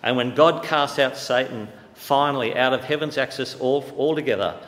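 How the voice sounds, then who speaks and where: A man preaching a sermon with great passion, swinging from loud declarations to hushed, quiet stretches. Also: mid-range voice, normal speed, slight background noise. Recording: echoey hall with long reverb.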